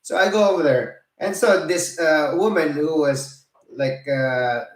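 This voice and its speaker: A man in his fifties tells a story in a lively, offhand way, laughing, swearing and acting out the other people in it. His voice sits a little high for a man. It is picked up from a distance, with a lot of room echo. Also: unhurried. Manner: animated, laughing, cursing, acting out both sides of arguments. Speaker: retired vlogger. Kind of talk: casual storytelling. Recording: roomy, mic set at a distance.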